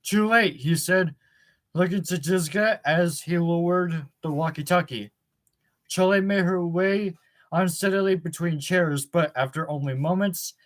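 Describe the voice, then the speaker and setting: A man reading a novel chapter aloud in a plain voice, with occasional fillers and self-corrections. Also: on the high side. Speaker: audiobook reader.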